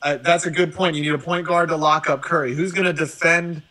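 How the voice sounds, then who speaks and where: A man hosting a casual sports chat, talking in an animated, profane way and often tossing in "right?". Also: on the high side, a little fast, low-quality recording. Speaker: show host.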